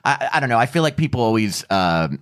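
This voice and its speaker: A man's voice: mid-range voice, very animated, fast, fairly bright tone, clean tone. A man hosting a podcast, chatting casually in a rambling way full of fillers and laughs. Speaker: podcast host. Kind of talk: casual chat.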